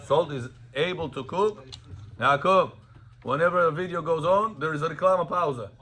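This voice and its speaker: A man leads a Torah class, his voice pitched a little high and bright with a forceful edge. He quizzes the room and tells animated stories, slipping between languages as he goes. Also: moderate pace. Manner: animated storyteller, quizzes students, mixes in Russian and Hebrew. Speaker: rabbi teaching a class. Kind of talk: Torah class on Sabbath laws. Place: classroom with students.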